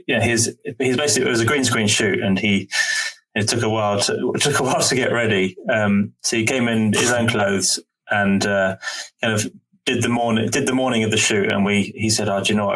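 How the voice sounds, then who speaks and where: A man's voice: lowish voice, fairly bright tone. A man co-hosting a podcast, telling a rambling story with many ums over a video call. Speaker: podcast co-host. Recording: distant mic in home room.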